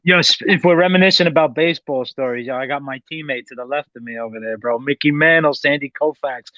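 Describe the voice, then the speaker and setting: A man's voice: medium pitch, quick pace, pushed and bright, no echo, muffled recording. A man chatting in a casual sports podcast, slangy and calling everyone bro. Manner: slangy, keeps saying bro.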